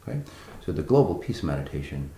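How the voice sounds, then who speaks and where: A man's voice: extremely low pitch, very animated, fast, dark tone, echoey room, slight background noise. A man giving a spiritual meditation talk, blunt and profane, with many fillers and restarts between breathing cues. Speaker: spiritual teacher.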